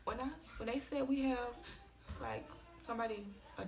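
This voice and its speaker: A woman's voice: a little high, normal speed, a little mellow. A young woman vlogger telling an emotional story in a casual, slangy, tearful rush.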